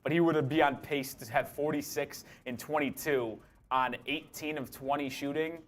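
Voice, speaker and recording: A man co-hosting a live sports stream, walking through halftime stats in excited, casual talk. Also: on the high side, moderate pace, slight background noise. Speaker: co-host. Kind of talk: casual sports analysis chat.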